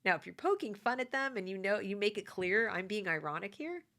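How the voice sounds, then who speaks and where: A woman's voice: mid-range voice, lively intonation, brisk, pushed and bright. Emphatic woman giving opinion commentary. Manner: emphatic, conversational, repeats points.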